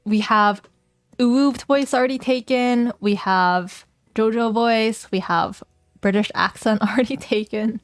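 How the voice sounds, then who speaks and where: A woman's voice: a little high, unhurried, no echo. A woman streamer chatting playfully and reading game text aloud, giggling often. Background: faint music.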